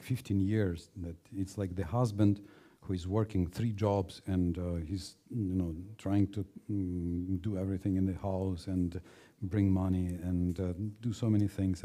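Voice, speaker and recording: Husky low-voiced man teaching gently. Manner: halting, repeats words, acts out little scenes. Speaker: spiritual teacher. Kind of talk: informal spiritual talk.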